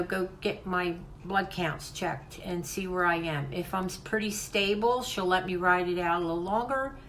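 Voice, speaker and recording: A woman's voice: fairly low pitch, fairly bright tone, slight background noise, rough recording. An older woman hosting a craft channel, talking in a heartfelt, rambling way to her viewers and often restarting her sentences. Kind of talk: casual vlog talk to viewers.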